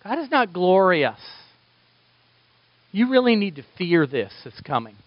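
Scornful tempting devil, slow and taunting, voiced by a male preacher, a bit high, dull dry sound. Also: sing-song, no room sound. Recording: dull lo-fi recording.

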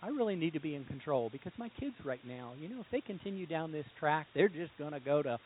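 A man voicing a worried, controlling mother who speaks quietly and fretfully. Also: fairly high pitch, animated, fast talker, a little hiss or hum, pitched below the performer's own voice, lightly acted. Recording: tinny phone-like sound.

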